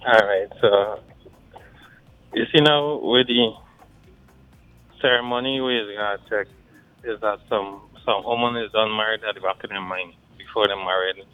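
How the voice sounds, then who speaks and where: A man's voice: fairly low pitch, fairly even intonation, normal speed, long pauses, soft background music. A man calling in with a Guyanese accent, talking bluntly and rambling in creole-tinged phrasing. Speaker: caller. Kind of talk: casual call-in chat. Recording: tinny phone line.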